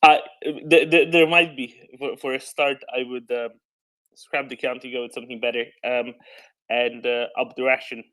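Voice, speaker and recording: A man's voice: mid-range voice, level tone, moderate pace, fairly bright tone, low-quality recording. A man in casual panel banter, dry and wry, with a mock-formal turn of phrase.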